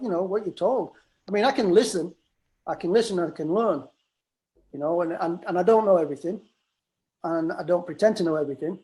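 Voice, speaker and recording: A man with a South Florida accent talks plainly and haltingly as a guest on a video call. His voice is high. He restarts often as he speaks. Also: darkish tone, low-quality recording. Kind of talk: casual testimonial.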